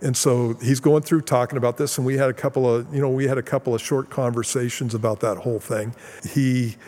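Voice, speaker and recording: A man's voice: mid-range voice, fairly even intonation, brisk, a little mellow, in a large hall. A man preaching a sermon as pastor, explaining Bible verses with plain, casual asides.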